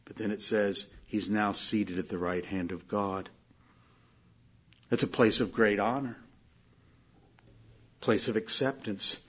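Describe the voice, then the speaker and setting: Man, pastor, sermon, bright forceful tone, lo-fi recording, swings between loud and hushed. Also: fairly low pitch, steady tone, takes it slowly, long pauses, husky. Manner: swings from loud emphatic preaching to quiet storytelling.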